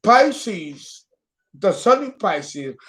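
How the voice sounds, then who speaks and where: Man, 50s, astrologer, theatrical, slow, bright voice. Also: high-pitched, sing-song. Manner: dramatic, exclamatory, laughing. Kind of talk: theatrical solo astrology talk.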